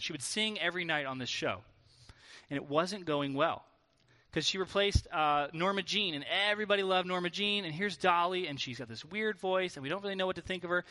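A man delivers a sermon in a loose, conversational storytelling manner and keeps a casual rhythm of filler words. His voice sits a little high and sounds bright and forceful. A long reverb trails behind him, as in a large hall. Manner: casual storytelling with many fillers, then earnest prayer. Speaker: pastor.

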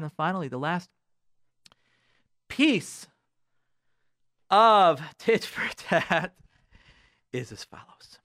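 A man's voice: mid-range voice, sharp tone, no room sound, studio quality. A man giving marriage advice on a radio talk show, preaching with rhetorical questions and repetition. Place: radio studio.

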